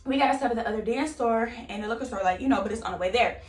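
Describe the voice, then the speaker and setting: A woman voicing a calm young woman patiently insisting on a stop along the way. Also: on the high side, very fast, recorded from a distance, lightly acted. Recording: roomy, off-mic, faint music.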